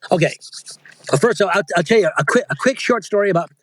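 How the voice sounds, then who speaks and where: Chatty man with a rambling, higher voice. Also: expressive, quick pace, a bit bright, no echo. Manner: rambling, self-interrupting, chatty. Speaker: audiobook narrator and coach, guest. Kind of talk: casual interview chat.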